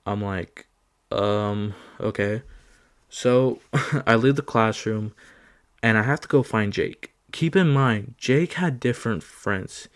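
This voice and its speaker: Young guy telling a story real slow, lowish voice, keeps laughing. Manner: laughs often while telling, acts out quoted lines. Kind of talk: casual storytime.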